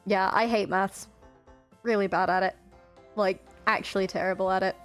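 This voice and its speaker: A woman's voice: mid-range voice, animated, moderate pace. Young woman, casual livestream host, headset chat, greets viewers, light music underneath. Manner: chatty, greets viewers and reads chat aloud. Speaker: streamer host. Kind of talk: casual live-stream chat.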